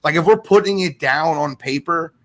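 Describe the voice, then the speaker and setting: A man hosting a casual live sports podcast, reading viewer comments aloud in an animated way. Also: on the high side, normal speed. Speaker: podcast host.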